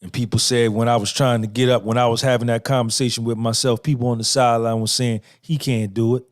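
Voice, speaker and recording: A man's voice: medium pitch, little pitch movement, fast. A middle-aged man hosting a podcast, giving a profane, repetitive motivational monologue and talking back and forth with himself. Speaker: podcast host.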